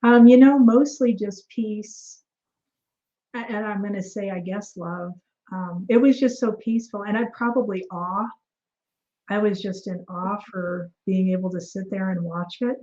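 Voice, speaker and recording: A woman with a warm, mellow voice tells her story as a guest in a casual interview. She talks in an animated way, acts out what other people said, and fills her sentences with ums and restarts. The audio is a little dull and muffled. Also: mid-range voice, unhurried. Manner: animated, acts out quoted dialogue, frequent fillers and restarts.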